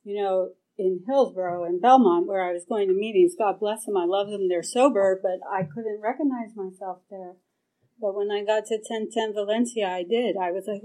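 A woman's voice: mid-range voice, moderate pace, mellow, low-quality recording. A middle-aged woman speaking at a recovery meeting, telling her story candidly with swearing and acting out her own past reactions. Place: meeting hall.

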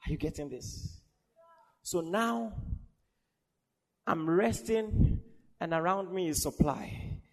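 A man preaching a sermon with fervour, swinging from shouted declarations to soft, laughing asides. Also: high voice, slow pace, pauses often. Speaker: pastor. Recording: long reverb of a large hall.

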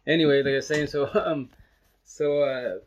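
A man with a fairly high, fairly even voice talks at a moderate pace over dull audio from a phone livestream. He's a dad chatting casually with his followers from home, rambling, restarting sentences, and now and then slipping in Spanish words.

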